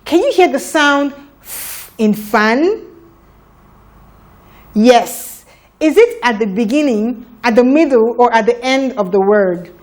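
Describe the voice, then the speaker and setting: Slow-spoken woman teaching children phonics. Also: fairly high pitch, animated, a little mellow. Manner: slow, deliberate, sounds out letters.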